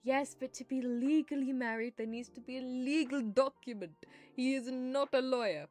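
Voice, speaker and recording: A woman's voice: high-pitched, normal speed, a little mellow. Young female streamer, rambling and giggly, casual swearing, faint music underneath. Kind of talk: casual livestream chat while drawing.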